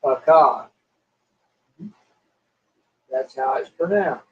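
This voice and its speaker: A man's voice: on the high side, measured pace. A man chiming in with dry, teasing asides during a live chat. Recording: dull, from far off the mic.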